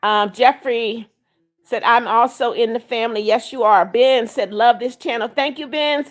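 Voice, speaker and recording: An older woman with a fairly high voice hosts a live stream. She reads viewers' comments aloud and greets each person by name. She turns firm and scolding when someone breaks her rules. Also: fairly even intonation, normal speed. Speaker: livestream host. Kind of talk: live chat reading.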